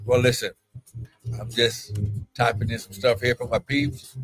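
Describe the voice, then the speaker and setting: A male pastor preaching a morning livestream sermon, breaking into loud exclamations and speaking in tongues. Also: medium pitch, steady tone, measured pace, soft background music, poor audio.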